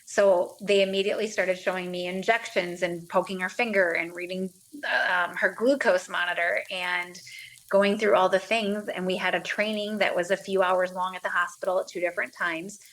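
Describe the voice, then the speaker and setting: A woman's voice: fairly low pitch, steady tone, moderate pace, fairly bright tone, low-quality recording. A woman in her thirties, a mother and podcast guest, telling a personal story in an earnest, plainspoken way and acting out what others said to her.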